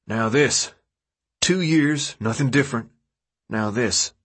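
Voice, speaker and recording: A shouting, high-strung teen leader barking orders at a crowd, as a man puts him on in an audiobook reading. The voice is husky, jumps up high and pushes hard when he yells. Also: takes it slowly. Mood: stunned. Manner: yelling, forceful. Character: older teen boy leader, loud and commanding.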